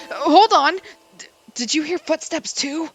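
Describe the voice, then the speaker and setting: A woman voicing a brash, foul-mouthed young man who shouts and snaps, reading game dialogue. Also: high-pitched, very slow, voice pushed up, full character voice. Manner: shouting, snapping.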